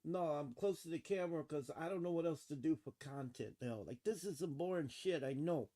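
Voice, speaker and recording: A man's voice: fairly high pitch, fairly quick, warm tone. Rambling, profane male streamer. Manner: rambling, self-mocking and profane. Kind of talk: casual solo livestream chat.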